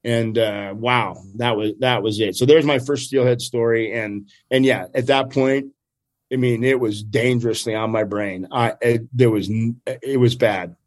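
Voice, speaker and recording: An older man, a fishing guide, telling a story with lively energy and acting out what people said. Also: moderate pace. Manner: lively, acts out quotes with big pitch jumps, laughs often. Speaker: steelhead fishing guide, guest. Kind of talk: animated storytelling.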